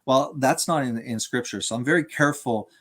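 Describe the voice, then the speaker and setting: A man in a conversational debate on theology, speaking haltingly with frequent fillers and restarts. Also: mid-range voice, a bit bright.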